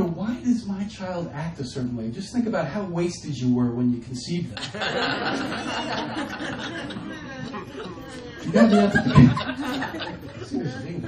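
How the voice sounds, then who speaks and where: A man performing a stand-up comedy set, acting out his family members in quick bits. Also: high-pitched, sing-song, a crowd in the background. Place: comedy stage before a live audience. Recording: roomy, distant mic with faint ambience.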